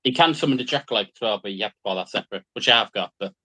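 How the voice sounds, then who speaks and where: A man's voice: on the low side, lively intonation, rapid-fire, sharp tone. A man on a hobby livestream as the guest, talking in an easygoing, hesitant way. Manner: easygoing, hesitant, says um a lot. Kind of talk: casual livestream chat.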